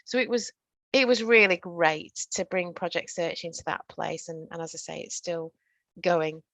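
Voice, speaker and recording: Woman talking over a video call, lowish voice, dry close sound, lots of ums. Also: steady tone, normal speed, fairly bright tone, dry recording, low-quality recording. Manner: chatty, with fillers and self-corrections. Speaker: former council deputy chief executive, guest speaker. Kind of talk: virtual training talk.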